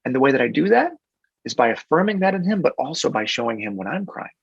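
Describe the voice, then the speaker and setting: A man's voice: medium pitch, very animated, quick pace, vocal fry, husky, dry recording, dull audio. A man in his thirties answering interview questions in an earnest, reflective way, often restarting his sentences. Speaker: guest.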